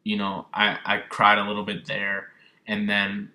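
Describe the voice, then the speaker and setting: A man's voice: on the low side, monotone, a little slow, sharp tone. A young man, reviewing a film in an earnest, rambling way, with many fillers and restarts. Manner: earnest and moved. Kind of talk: casual emotional film review.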